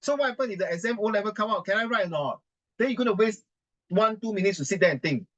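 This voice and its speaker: In poor, slightly bright audio, a high-pitched man gets animated and quick while ranting indignantly in conversation. Giving writing advice in Singaporean-accented English, he is emphatic and repetitive, slipping between Mandarin and Singlish.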